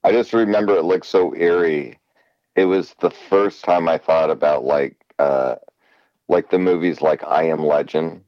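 A male co-host with an extremely deep voice tells stories in a slow, reflective way. His mic sounds dull and lo-fi, in a dry room. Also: steady tone, no echo. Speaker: podcast co-host. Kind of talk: casual podcast chat.

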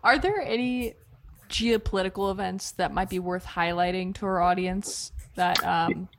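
A woman's voice: fairly low pitch, normal speed, gravelly, a little hiss or hum. A woman hosting a podcast, asking questions and joking playfully in casual chat. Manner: playful, laughs easily. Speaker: podcast host.

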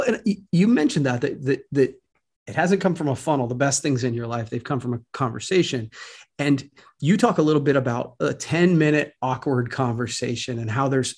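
A man's voice: mid-range voice, breathy edge. A man hosting a podcast interview, asking long, rambling questions full of restarts. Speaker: podcast host.

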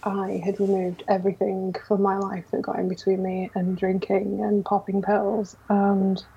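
A woman guest on a podcast interview with a calming voice, talking openly and reflectively with frequent ums. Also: mid-range voice, normal speed, vocal fry, slightly rough, dull audio. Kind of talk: conversational interview.

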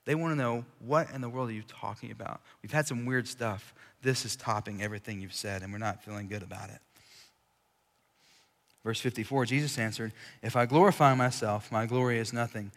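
A man's voice: medium pitch, fairly quick, fairly bright tone. A man giving a casual sermon to a live audience in a large room, talking conversationally and joking with the crowd. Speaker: preacher. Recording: long reverb of a large hall.

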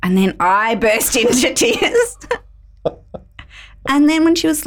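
A woman, a lawyer and podcast host, chatting in a relaxed interview and telling lively stories. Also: high-pitched, takes it slowly, long pauses. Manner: lively storyteller, laughs easily. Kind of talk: casual conversational interview.

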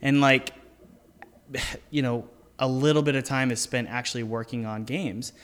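A man hosting a casual interview podcast, giving earnest advice and slowing down to stress his points. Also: medium pitch, level tone, fairly bright tone, smooth, in a large hall. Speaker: podcast host and indie game developer.

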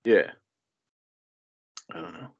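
A man in casual political chat, mocking and profane, with animated impressions. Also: takes it slowly. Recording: dull lo-fi sound.

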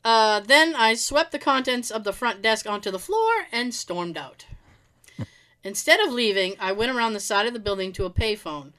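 A woman with a bright, slightly high voice reads listener-submitted stories at a normal speed, sounding animated. She laughs often and tosses in quips between stories, keeping it casual.

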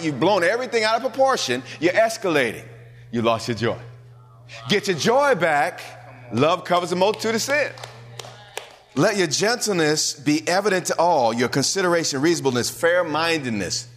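A man preaching a sermon as pastor, animated and full of rhetorical questions to the congregation. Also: fairly high pitch, fairly quick. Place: church hall. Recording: long hall reverb.

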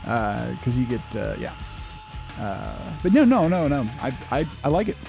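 A man co-hosting a music podcast, jokey and quick to laugh, stammering a little as he talks. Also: mid-range voice, very animated, creaky. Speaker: podcast co-host. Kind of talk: casual chat about music. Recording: faint music playing underneath.

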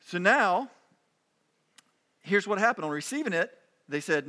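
Male pastor, high voice, bright and forceful tone, conversational sermon, quick repeated restarts. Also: sing-song.

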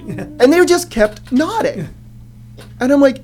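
A man telling funny stories in casual chat as a comedian guest, often jumping into loud character voices. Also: very high voice, sing-song, fairly quick, a little hiss or hum.

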